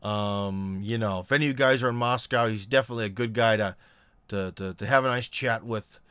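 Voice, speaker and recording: A man's voice: lowish voice, brisk, bright, forceful tone, clear, resonant tone, dry recording. A man from the United States hosting a casual commentary monologue, rambling and restarting as he talks. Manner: rambling, many fillers and restarts. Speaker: host.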